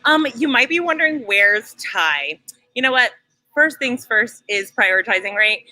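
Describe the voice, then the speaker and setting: A young woman co-hosting a casual podcast from a brewery, bubbly and quick to laugh, talking straight to her listeners. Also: a little high, expressive, pushed and bright, no room sound, rough recording. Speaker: podcast co-host.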